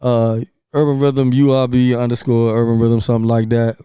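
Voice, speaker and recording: Podcast guest, male, brash and profane, mellow tone but clear and crisp, dry sound. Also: mid-range voice, flat delivery, moderate pace, dry recording. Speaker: podcast guest, music promoter. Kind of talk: casual podcast chat.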